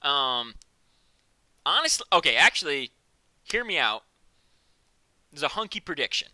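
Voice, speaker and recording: A man commentating a live esports broadcast in a high, very bright voice. He jokes around and gets excited, then rattles off quick analysis of picks and bans. The sound is dry and close. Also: no echo. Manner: joking, excitable, fast analytical patter. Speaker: esports caster.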